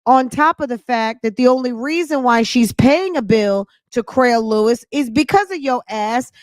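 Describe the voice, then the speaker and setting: A woman podcast host with a Southern US accent giving casual commentary on celebrity news, animated and indignant, swearing freely. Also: a little high, moderate pace, no echo, studio quality. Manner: animated, indignant, profane ranting.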